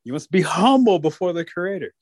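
A man voicing a quick-witted male trickster rabbit in a told folk tale, pleading and bossing the listeners. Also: high-pitched, expressive, a little mellow, dry recording, clean studio sound, voice pushed up. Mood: bossy. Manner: pleading, fast-talking. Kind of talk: oral storytelling.

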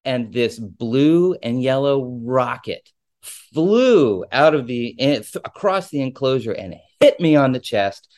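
A ship captain telling a personal story in a casual, digressive and openly emotional way. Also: male voice, medium pitch, animated, slow pace, a little mellow, no room sound, clean studio sound.

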